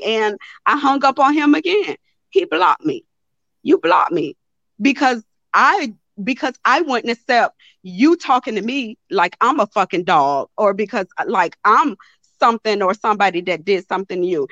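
A young woman, telling a story to a live audience in a blunt, animated way and swearing freely. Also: on the high side, no room sound, dull audio. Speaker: host of a live talk stream.

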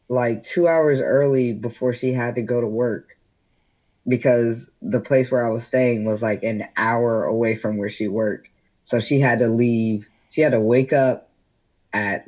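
A man's voice: mid-range voice, darkish tone, poor audio. A man guesting on a podcast, telling a personal story candidly in casual interview chat, with lots of "like" fillers. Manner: candid storytelling, heavy use of "like".

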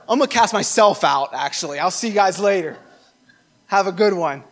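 A man's voice: high-pitched, lively intonation, normal speed. A man voicing a cowardly demon that casually excuses itself from a possessed boy, in a sheepish, mock-polite tone.

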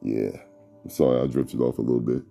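A middle-aged man hosting a podcast with a deep voice, giving a blunt, profane, preachy motivational talk from a room at home. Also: level tone, very fast, dark tone, soft background music. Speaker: podcast host. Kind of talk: motivational monologue.

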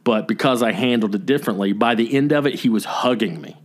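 A man's voice: medium pitch, quick pace. A middle-aged man, co-host of a podcast, telling a story in casual chat and acting out what people said. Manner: animated storyteller acting out quotes.

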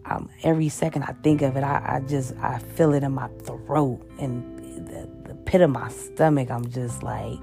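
A woman hosting a podcast, talking haltingly and with heavy emotion, repeating words and using many fillers, in a personal confessional monologue. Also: very deep voice, steady tone, vocal fry. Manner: heavy-hearted, openly emotional. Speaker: podcast host. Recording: music playing underneath.

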